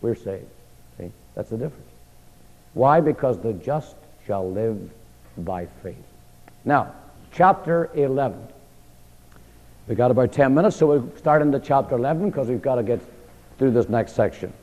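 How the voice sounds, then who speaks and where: A man's mid-range, slightly mellow voice moves at a normal pace with lively intonation and frequent pauses as he teaches a Bible study in sermon form. He raises questions, answers them himself, and repeats key lines with a falling, emphatic ending. The lo-fi recording carries long hall reverb.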